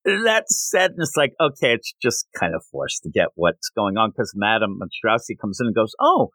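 A man's voice: lowish voice, normal speed, dry recording, low-quality recording. A man co-hosting a podcast, casually discussing a comic book and acting out its lines as he retells it. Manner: animated retelling, acts out quoted lines. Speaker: podcast co-host.

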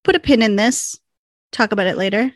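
A woman's voice: medium pitch, brisk, no echo. A woman co-hosting a casual chat, recapping scenes with quoted lines and a wry tone. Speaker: podcast co-host recapping a TV episode.

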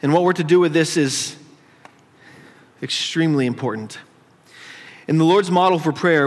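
A man's voice: on the high side, normal speed, long pauses, in a large hall. A male pastor preaching a conversational sermon in a church, teasing his congregation as he teaches. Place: church sanctuary.

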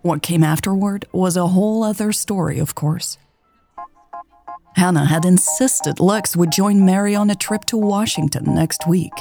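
A woman narrating a romance story in a calm, even audiobook style. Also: fairly low pitch, a little slow, vocal fry, faint music behind.

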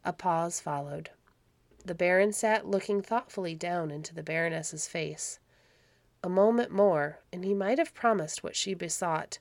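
A woman reading a classic story aloud in a calm, measured storybook narration. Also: on the low side, no echo. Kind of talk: scripted narration.

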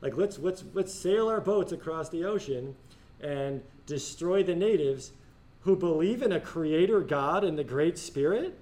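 A man teaching a classroom discussion, animated and joking, often laughing as he talks. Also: fairly high pitch, a little slow. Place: school classroom.

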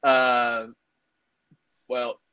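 Bright-voiced opinionated man. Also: mid-range voice, flat delivery, drawn-out words, clean tone, no room sound, rough recording. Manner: opinionated, laughs while arguing. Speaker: co-host. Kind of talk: casual sports chat.

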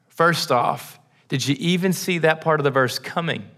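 A young man preaching a sermon as pastor, earnest, pausing for emphasis through long lists. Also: a little high, pushed and bright. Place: church sanctuary.

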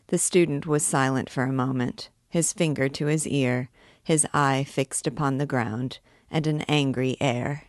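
A woman reading a classic novel aloud as a guide, in a clear, even storytelling manner. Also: a bass voice, a little slow, no echo, studio quality. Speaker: book reader and guide.

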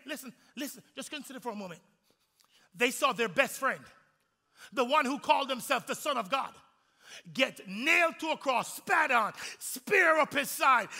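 A man preaching an Easter sermon to his congregation, swinging from hushed whispers to shouts and acting out the voices of the people in his story. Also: very high-pitched, creaky, big-room sound. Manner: acts out quoted voices of disciples and Jesus. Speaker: pastor.

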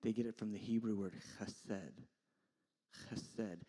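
Impassioned preaching man, loud to hushed. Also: on the low side, steady tone, fairly quick, husky. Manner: swings from loud impassioned preaching to quiet intimate asides. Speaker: pastor. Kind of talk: sermon.

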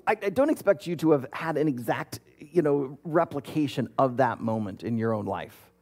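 A man's voice: a little high, warm tone, slightly rough. A man in his thirties, a pastor, preaching a conversational sermon and telling a story with plenty of fillers and restarts.

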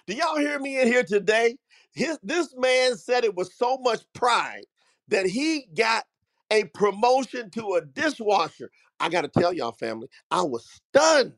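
A middle-aged man with a high, bright-pitched voice tells a motivational story. He speaks emphatically in a preacher-like way and calls his listeners family. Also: big pitch swings, unhurried. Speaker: host.

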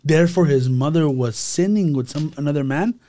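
Earnest man talking faith, higher voice. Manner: earnest, animated, quick apologies. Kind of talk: casual faith discussion.

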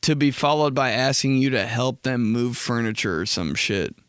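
A podcast host with a medium-pitched, smooth voice tells stories at a moderate pace in a casual comedic monologue that's profane, rambling, and animated. The recording is dry, with clean studio sound.

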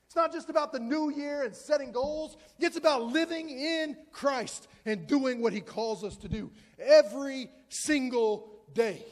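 Casting: man in his 40s, very high voice, chatty self-deprecating sermon, long hall reverb. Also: unhurried, hardly any pauses. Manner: conversational, joking, self-deprecating. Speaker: preacher.

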